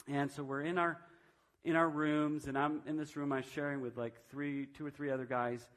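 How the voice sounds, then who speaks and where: Casting note: man in his fifties, preacher sharing testimony, slightly high voice, casual storytelling. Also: flat delivery, moderate pace, a bit bright. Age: 50s. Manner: conversational storytelling with frequent restarts; self-described reserved personality. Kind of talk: sermon testimony.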